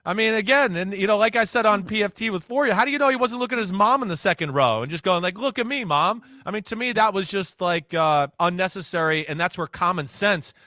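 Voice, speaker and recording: Bright high-voiced man telling stories. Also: fast talker, hardly any pauses, no echo, clean studio sound. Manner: animated storyteller who acts out quotes. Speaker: guest analyst, former NFL quarterback. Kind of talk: radio sports talk.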